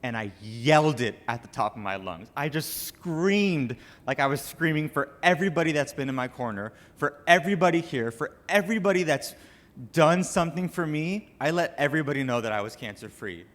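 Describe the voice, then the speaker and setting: A man's voice: on the high side, animated, fairly quick, fairly bright tone. A young man, a cancer survivor, giving an earnest and emotional speech to an audience at a charity event. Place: banquet room with an audience.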